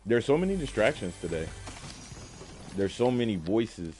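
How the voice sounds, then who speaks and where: A man talking casually while playing a video game, telling a fable and musing on life in relaxed slang. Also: lowish voice, normal speed, a little hiss or hum. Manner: laid-back, slangy, reflective. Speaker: gaming streamer. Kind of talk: casual gameplay commentary with storytelling.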